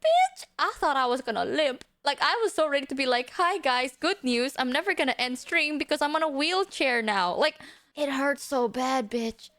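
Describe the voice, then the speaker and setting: A young woman streamer telling a story in casual chat, animated and dramatic, swearing freely, speaking English as a second language. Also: high-pitched, moderate pace. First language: not English.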